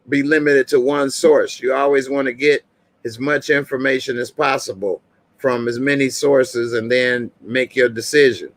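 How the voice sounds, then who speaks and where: A middle-aged man talking in a relaxed, chatty way, speaking straight to his viewers and laughing easily. His voice sits at a middle pitch. The sound is dry and close, with almost no room in it. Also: no echo. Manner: laid-back, chatty, laughs often, talks to viewers. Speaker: show host. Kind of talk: casual live-stream commentary.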